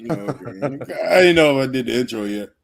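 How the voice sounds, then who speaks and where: A man hosting a podcast, talking casually in a laid-back, slangy way with animated storytelling. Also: mid-range voice, normal speed, creaky. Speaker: podcast host. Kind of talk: casual banter.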